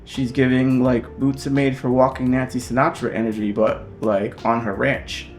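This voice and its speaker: A man hosting a casual vlog as he unboxes vinyl records, excitable and gushing, swearing often. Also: mid-range voice, normal speed, faint music behind.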